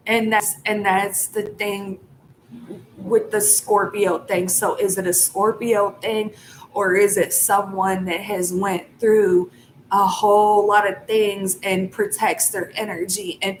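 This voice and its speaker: Blunt woman vlogging, swears a lot, talks slow, bit of hiss in the background. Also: mid-range voice, low-quality recording. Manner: frank and profane, with frequent fillers and laughs. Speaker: spiritual vlogger. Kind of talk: casual monologue to camera.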